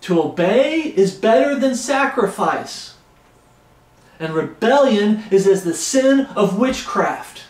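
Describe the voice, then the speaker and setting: In an echoey room, a man preaches an expository Bible sermon with passion, frequently raising his voice. His voice is high, swings widely in pitch, and moves at a slow pace.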